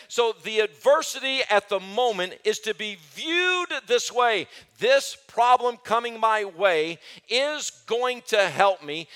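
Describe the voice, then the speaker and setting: A middle-aged pastor preaching in a high, bright voice. He tells his stories with lively energy, dropping low and then rising loud. It is a spirited sermon delivery. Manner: animated storytelling, shifting between loud and soft.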